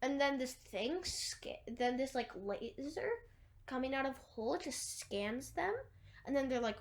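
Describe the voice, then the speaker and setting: A woman's voice: on the high side, measured pace. A woman casually retelling a movie plot, rambling through long chains of "and then" and fillers, with wry asides. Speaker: movie recapper.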